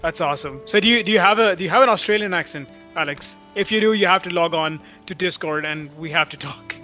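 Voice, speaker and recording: A man's voice: high voice, quick pace, sharp tone, faint music behind. A man chatting on a gaming stream, a laughing storyteller. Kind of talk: casual voice chat.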